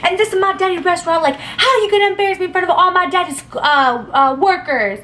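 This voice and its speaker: A woman's voice: extremely high pitch, fast, pushed and bright, a little hiss or hum, voice pushed up. A woman imitating a pushy young man who complains in a whiny, self-pitying voice.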